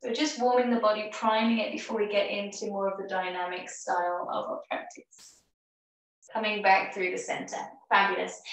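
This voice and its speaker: A woman teaching a yoga class, calmly cueing each breath and movement with warm encouragement. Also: medium pitch, far from the mic. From Australia. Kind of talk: guided yoga class instruction. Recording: very echoey room, voice off-mic.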